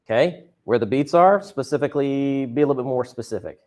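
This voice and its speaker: Medium in pitch but darkish in tone, this man talks quickly as he leads students through a drama and chorus lesson on a video call. His manner is chatty and bright, full of joking asides, and his computer mic captures it.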